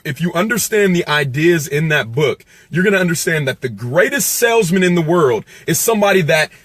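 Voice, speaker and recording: A man giving an emphatic, preachy motivational talk on sales to his viewers, repeating lines and swinging from loud preaching to low, quiet asides. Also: breathy edge, dry recording. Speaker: sales coach.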